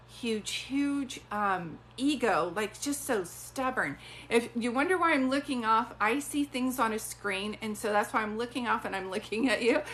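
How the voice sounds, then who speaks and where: A woman working as a psychic medium, giving readings on a live stream in a chatty, animated way. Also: on the high side, a little hiss or hum. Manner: chatty, animated, often acts out quoted voices.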